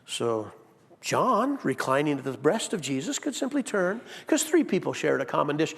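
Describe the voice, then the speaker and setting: A man preaching a sermon in a church, animated and playful, acting out quotes with big swings in his voice. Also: a little high, moderate pace, creaky. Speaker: pastor. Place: church sanctuary. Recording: long reverb of a church hall.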